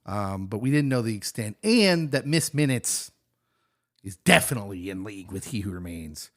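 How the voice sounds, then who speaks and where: A man co-hosting a casual chat, his pitch swinging up and down as he talks. He sounds enthusiastic and jokey, and now and then he breaks into bursts of excitement. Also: moderate pace. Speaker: podcast co-host. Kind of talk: casual watch-along chat.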